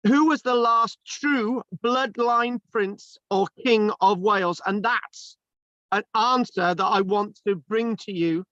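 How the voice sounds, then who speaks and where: A man with a high voice runs an online history class, teasing his students and tripping over his words as he rambles on. the sound is dry and a bit dull, like a video call. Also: bright, forceful tone, no room sound. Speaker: history lecturer.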